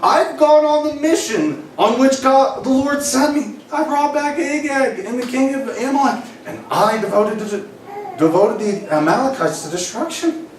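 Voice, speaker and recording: A man's voice: very high-pitched, expressive, normal speed, a little hiss or hum, pitched above the performer's own voice. A man voicing a brash young king who makes breezy excuses, talking casually with slang and laughs. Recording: roomy hall, distant mic, faint ambience.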